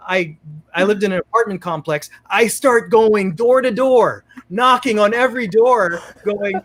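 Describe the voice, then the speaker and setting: A man telling a childhood story, excitable and acting out the voices in it. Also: high voice, unhurried, dry recording. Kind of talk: animated storytelling.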